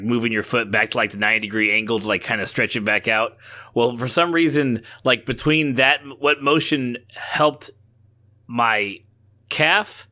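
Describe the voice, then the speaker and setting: Bright-voiced man rambling casually. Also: medium pitch. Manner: rambling, profane, animated storytelling. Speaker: podcast co-host. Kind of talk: casual chat.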